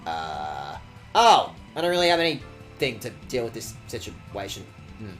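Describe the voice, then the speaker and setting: Animated sarcastic man streaming a game. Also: on the low side, a little slow, faint music behind. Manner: animated, sarcastic, swears often. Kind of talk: casual game streaming chat.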